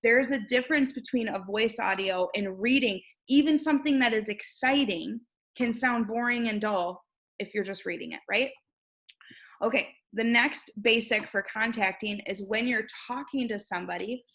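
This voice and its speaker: A woman's voice: medium pitch, measured pace, creaky, fairly bright tone, low-quality recording. A young woman coaching on recruiting in a bubbly, chatty way, acting out sample messages and checking in with "right?" as she goes. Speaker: network marketing recruiter and trainer. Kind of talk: casual coaching talk.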